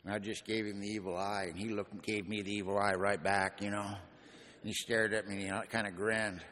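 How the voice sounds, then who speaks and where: A man's voice: lowish voice, flat delivery, moderate pace, fairly bright tone. A man giving an emphatic, wry personal testimony to an audience, telling his own story. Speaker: speaker sharing his recovery story. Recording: long echoing hall reverb.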